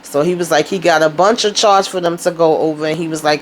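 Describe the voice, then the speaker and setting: Woman, casual show-recap host, blunt and animated, faint room noise. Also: low-pitched, a little fast, hardly any pauses. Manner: animated, quotes characters in character voices, slangy and blunt.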